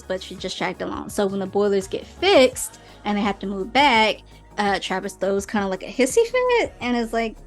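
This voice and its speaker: A woman hosting a casual podcast, recapping a romance novel in a slangy, animated way and acting out the characters' quotes. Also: mid-range voice. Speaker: podcast host. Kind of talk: casual book review chat.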